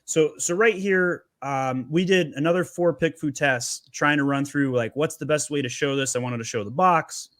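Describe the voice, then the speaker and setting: Energetic man explaining on a dry call. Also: fairly high pitch, normal speed, few pauses, no room sound. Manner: energetic, emphatic, repeats words when starting. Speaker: agency founder sharing Amazon selling advice. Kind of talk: webinar conversation.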